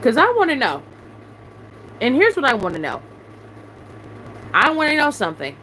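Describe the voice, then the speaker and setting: A young woman rants straight into the mic, her voice high and sharp-edged as she swears and repeats her demands. A faint hiss of noise sits under the recording. Her pitch swings widely as the anger rises and falls. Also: wildly swooping pitch, normal speed, low-quality recording. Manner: confrontational, repetitive demands, heavy swearing. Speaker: YouTuber venting on a live stream. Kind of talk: angry venting rant.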